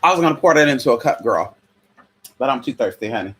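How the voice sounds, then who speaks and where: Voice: medium pitch, lively intonation, quick pace, fairly bright tone, a little hiss or hum. A vlogger telling a story in a casual, profane, chatty way, calling viewers y'all, girl and honey.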